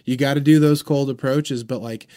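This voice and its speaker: A young man hosting a casual chat, relaxed, laughing often and saying "like" a lot. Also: medium pitch, moderate pace. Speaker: podcast host.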